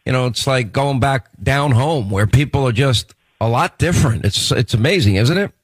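A man's voice: medium pitch, animated, normal speed, no echo. A middle-aged man with a New York accent hosting a radio talk show, chatting in a rambling way and often restarting his sentences. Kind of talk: radio interview.

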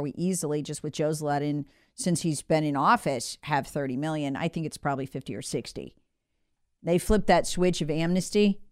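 A woman's voice: fairly low pitch, clean tone, no echo, studio quality. A woman hosting a political commentary show, talking in an emphatic, indignant monologue with sarcastic asides.

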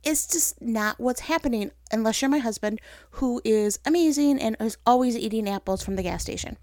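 In clean, dry studio sound, a woman with a slightly high voice speaks at a moderate pace while hosting a casual chat about faith. She's chatty and self-teasing, animating her stories by voicing her own thoughts.

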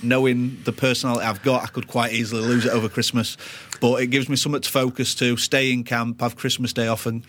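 A man's voice: mid-range voice, level tone, fast, fairly bright tone, a little hiss or hum. A young man, a boxer answering questions in a studio in a modest, plain-spoken way. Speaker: boxer and guest. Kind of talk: casual interview chat.

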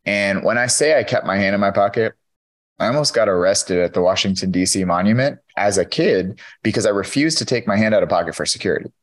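A man's voice: fairly low pitch, fast talker. A man, a podcast guest and keynote speaker, candidly telling his personal story in an interview, earnest and full of "you know".

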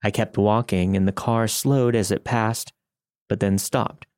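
A man narrating a first-person horror story in a steady, wry manner, recorded on a studio microphone. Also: on the low side, measured pace, dry recording.

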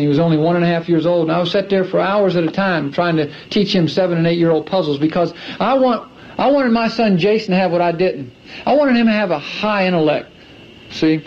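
A man's voice: sits high, darkish tone. A man in his thirties giving an earnest personal testimony, a former athlete repeating phrases for emphasis. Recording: dull lo-fi archive recording.

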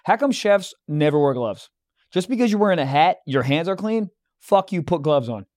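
A man with a slightly raised pitch riffs crude jokes on a comedy podcast. The sound is dry and close, with no room around it. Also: normal speed, no room sound. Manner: crude, riffing, animated jokes. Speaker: podcast co-host. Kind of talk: casual comedic chat.

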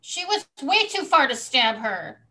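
Woman co-host, bright and slightly high voice, measured and calm, backs up her partner. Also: poor audio. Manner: measured, interjects agreement, hesitant fillers. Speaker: podcast co-host. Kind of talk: casual reality-TV recap chat.

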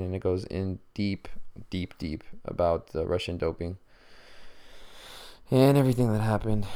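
Gravelly-voiced man rambling casually. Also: on the low side, darkish tone. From Mexican-American. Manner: rambling, filler-heavy, joking. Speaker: podcast host. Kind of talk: casual solo chat.

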